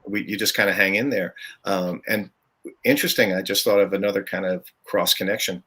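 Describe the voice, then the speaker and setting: An older man with a low, deep voice that still rings bright and forceful. He chats easily as a guest on a podcast, telling stories about gigs and laughing often along the way. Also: steady tone, fairly quick, breathy edge. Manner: chatty, storytelling, laughs often. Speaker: guest musician. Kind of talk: casual podcast chat.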